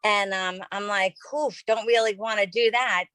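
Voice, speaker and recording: A woman's voice: medium pitch, fairly even intonation, normal speed, a bit bright, no room sound, low-quality recording. A woman in her fifties, a podcast host, telling a personal story in a casual, earnest, rambling way with lots of fillers. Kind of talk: personal testimony in casual conversation.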